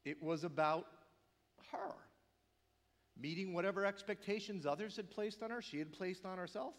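A man delivers a sermon as pastor, his voice sitting fairly high for a man. He builds to loud, emphatic peaks and then sinks into hushed, near-whispered quotes. The sound rings with the long reverb of a large sanctuary. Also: normal speed.

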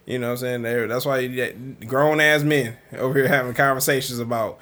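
A man's voice: steady tone, brisk, hardly any pauses, fairly bright tone. Laid-back Detroit podcast guy. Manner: profane, laughing, mimics people in high voices. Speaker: podcast co-host. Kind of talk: casual chat.

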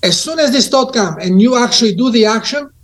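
Man, high voice, earnest storyteller, halting restarts. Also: animated, fairly bright tone. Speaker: guest. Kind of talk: casual conversation.

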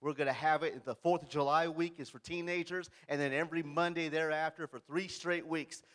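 A man in his forties from central California addresses a congregation as its new youth director. His voice sits a little on the higher side, and his delivery is folksy and joking, often pausing to ask for an amen. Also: steady tone, a bit bright. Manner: folksy, joking, asks for amens. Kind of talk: church introduction talk.

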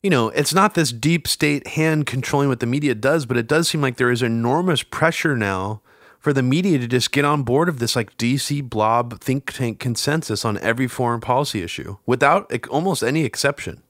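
A man's voice: a little fast, fairly bright tone, no room sound. Rambling swearing man, dry close sound. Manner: rambling, swears, many fillers and restarts, pitch jumps up when agitated. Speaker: podcast co-host. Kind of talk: casual political chat.

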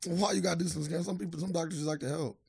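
A man's voice: fairly high pitch, fairly even intonation, racing, gravelly, a little mellow, slightly rough, no echo, studio quality. A man co-hosting a podcast in casual chat, teasing and stubbornly pressing his point. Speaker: podcast co-host.

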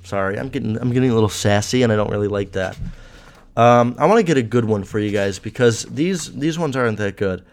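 A man's voice: medium pitch, a little fast. A young man hosting a podcast in casual chat, rambling and swearing with a sarcastic edge. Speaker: podcast host.

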